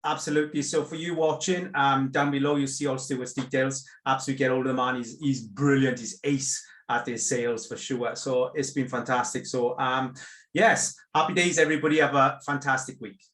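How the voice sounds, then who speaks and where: A man's voice: mid-range voice, steady tone, brisk, few pauses, a bit bright, echoey room. A man hosting the show, chatting in an upbeat, chummy way. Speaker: host. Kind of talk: casual chat.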